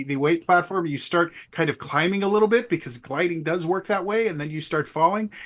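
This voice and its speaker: A man narrates a tabletop game as its game master, pitching his voice at a middling level. He tells the story dramatically but haltingly, restarting his sentences and filling the gaps with fillers. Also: fairly bright tone.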